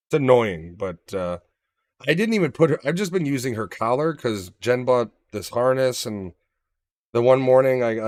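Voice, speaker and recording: A man co-hosting a podcast in casual chat, swearing freely and acting out his dogs in lively stories. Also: mid-range voice. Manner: profane, animated storytelling, acts out his dogs. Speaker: podcast co-host.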